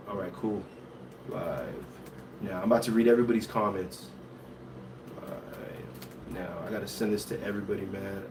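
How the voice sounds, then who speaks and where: A young man hosting a casual livestream, reading viewer comments aloud and mixing in Haitian Creole. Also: fairly low pitch. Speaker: livestream host. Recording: faint background noise, somewhat distant from mic.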